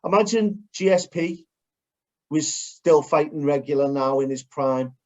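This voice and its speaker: A man with a Liverpool accent co-hosting a podcast in casual chat, blunt and quick to swear. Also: fairly high pitch. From Liverpool, England. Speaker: podcast co-host. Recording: dull lo-fi podcast audio.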